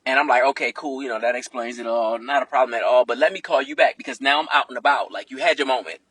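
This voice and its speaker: A man vlogging from inside a car, telling a candid, profane personal story with animated delivery. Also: mid-range voice, fast, slightly rough. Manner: animated and profane, acts out other people's voices.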